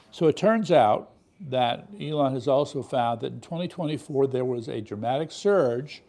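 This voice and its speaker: Male commentary host, mellow low tone, indignant and emphatic, fond of rhetorical questions. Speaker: show host. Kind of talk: political commentary monologue.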